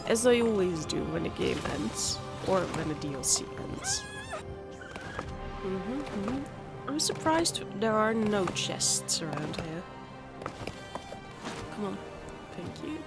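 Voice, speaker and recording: A woman's voice: medium pitch, very animated, slow, long pauses, over loud music. A woman hosting a gaming channel, talking through a game in a chatty, candid way while nursing a sore throat. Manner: chatty, candid, muttering asides. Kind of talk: casual let's-play commentary.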